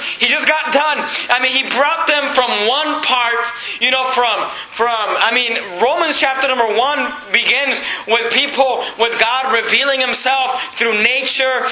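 High bright-voiced preacher in an echoey room. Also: male voice. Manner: emphatic preaching with rhetorical questions. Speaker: pastor. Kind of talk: sermon.

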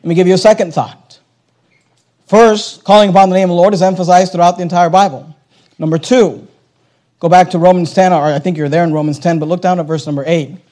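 A man preaching with a strikingly high-pitched voice, driving his points home through emphatic repetition. He delivers a pastor's sermon, returning again and again to the same phrases. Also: fairly even intonation, fast talker, warm tone, rough recording.

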